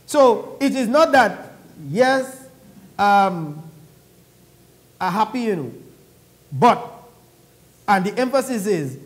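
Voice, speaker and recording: A man preaching a sermon in church, reading scripture aloud and explaining it in a conversational way, with questions to the congregation. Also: sits high.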